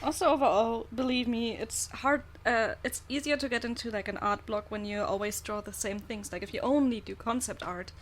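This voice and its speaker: A woman's voice: on the high side, fairly even intonation, brisk, few pauses. A woman co-hosting a casual art podcast, giving earnest, emphatic advice. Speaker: podcast co-host, artist. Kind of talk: casual chat.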